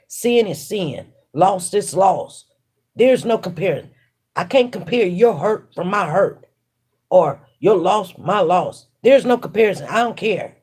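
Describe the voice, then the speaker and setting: With a husky, somewhat mellow mid-range voice, this livestream host thinks out loud as she works. Her casual talk circles around faith, and she repeats herself with emphasis.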